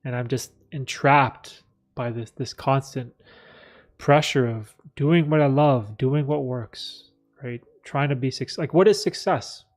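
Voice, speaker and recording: A man's voice: medium pitch, measured pace, faint music behind. Candid man rambling on a live stream. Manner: candid, rambling, frequent fillers and throat clearing. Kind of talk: casual live stream chat, reading chat.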